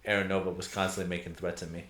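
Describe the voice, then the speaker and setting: Young guy podcast cohost, lowish voice, rambling animated stories, roomy echo. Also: very fast. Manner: animated storytelling, swears and laughs often. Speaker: podcast co-host. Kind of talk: casual chat.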